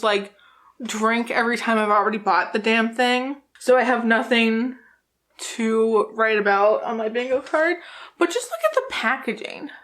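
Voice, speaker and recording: A woman's voice: on the high side, a bit bright. A woman from New Jersey chatting through a makeup vlog while tipsy, rambling, giggling and swearing freely. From New Jersey, USA. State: tipsy from drinking. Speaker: makeup YouTuber. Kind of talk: casual vlog chat.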